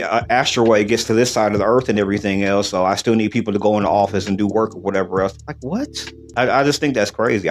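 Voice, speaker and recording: A man with a fairly low voice hosts a podcast in loose, casual chat. He talks quickly and with emphasis, swears freely and keeps asking whether you follow him. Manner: emphatic and profane, with frequent "you know what I'm saying". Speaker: podcast host.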